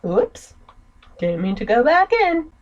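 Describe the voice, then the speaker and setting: Lively woman doing game commentary. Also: on the high side, takes it slowly, muffled recording. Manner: chatty, joking asides. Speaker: gamer. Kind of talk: let's play commentary.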